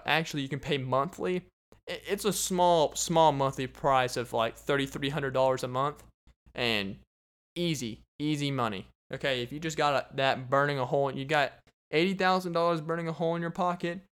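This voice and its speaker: A man's voice: mid-range voice, a bit bright, clear, resonant tone. A young man hosting a casual solo podcast, rambling and joking and laughing often. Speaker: podcast host.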